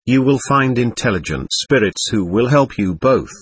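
A calm male doctor explaining things patiently to a lost spirit, read aloud by a man. His voice is husky, with a lively, varied pitch, and sounds dry and close. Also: moderate pace, no room sound. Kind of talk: reading a séance transcript aloud.

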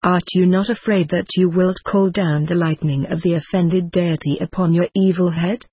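Audiobook: solemn young male spirit, old-fashioned speech, husky tone, dry close sound voiced by the reader. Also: mid-range voice, fairly even intonation, moderate pace, darkish tone, dry recording. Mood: scornful. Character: sad, loving male spirit of a young man. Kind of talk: audiobook reading.

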